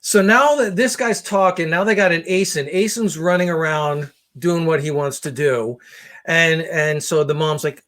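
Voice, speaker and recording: A man spinning a comic rant in a slightly high voice. He sounds exasperated and swears freely, with lively, animated delivery. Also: normal speed. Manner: animated, profane, exasperated ranting with voiced impressions. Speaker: podcast co-host. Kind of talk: comedic storytelling rant.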